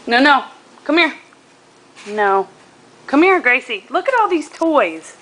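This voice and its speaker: A woman's voice: high voice, sing-song, slow pace, fairly bright tone. A woman filming her baby at home, coaxing her in a sing-song baby-talk voice.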